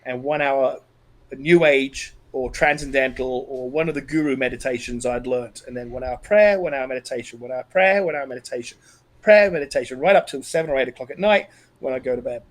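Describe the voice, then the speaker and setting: A middle-aged man telling a personal story as a podcast guest, earnest and emotional, halting and restarting as he talks. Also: medium pitch, rough recording. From Australia.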